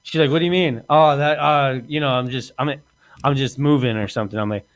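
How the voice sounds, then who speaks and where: A podcast host tells crude stories casually and ramblingly, laughing often and acting out what people said. His voice is medium-pitched and fairly quick.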